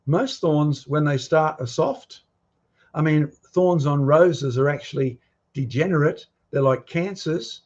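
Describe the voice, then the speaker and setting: A man's voice: fairly high pitch, a little mellow, husky. A man giving an emphatic creationist presentation, challenging his audience with questions. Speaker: creationist speaker. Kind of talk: presentation lecture. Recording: muffled lo-fi recording.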